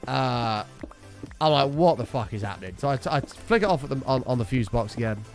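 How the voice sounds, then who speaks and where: A man's voice: mid-range voice, expressive, fairly quick, faint music behind. A young man streaming a game, casually telling a story, swearing freely and acting out his own quotes. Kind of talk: casual storytelling while gaming.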